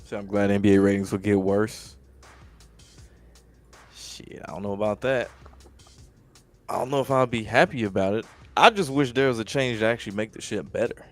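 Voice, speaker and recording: A man's voice: lowish voice, normal speed, long pauses, soft background music. A man hosting a podcast, talking sports in casual, slangy, profane chat. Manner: profane, laid-back, slangy. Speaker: podcast host.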